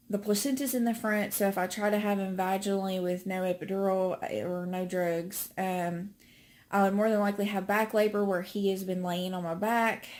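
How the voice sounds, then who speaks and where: A pregnant woman giving a casual, chatty update to her channel, a little out of breath, with many ums and restarts. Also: medium pitch. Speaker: vlogger.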